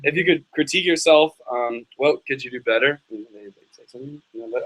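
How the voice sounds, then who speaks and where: A man's voice: mid-range voice, fairly quick, fairly bright tone, low-quality recording. A man taking part in a sales training role-play, speaking hesitantly with frequent ums. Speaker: workshop trainee.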